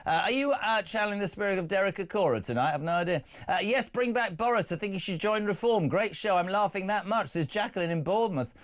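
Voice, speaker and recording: A man hosting a live talk radio show, reading listener messages aloud in a brisk, jokey way. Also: high-pitched, lively intonation.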